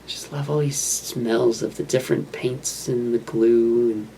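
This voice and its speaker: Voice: mid-range voice, steady tone, unhurried, creaky, dark tone, slight background noise. A host giving casual running commentary over a film while building a model kit. They ramble in an offhand, self-mocking way.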